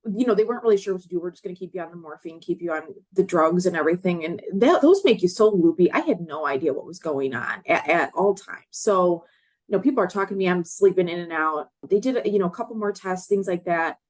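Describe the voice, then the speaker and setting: Speaking fairly quickly in a fairly low voice, a late-twenties woman from Chicago, USA, shares her personal story as an interview guest. She's earnest throughout and performs other people's words in distinct quoted voices.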